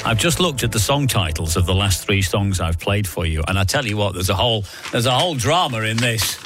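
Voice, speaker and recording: A man's voice: fairly low pitch, animated, fairly quick, fairly bright tone. A man with a Lancashire accent presenting a radio show, chatty and jokey as he reads out listeners' emails. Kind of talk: casual radio chat. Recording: dry studio sound with faint music.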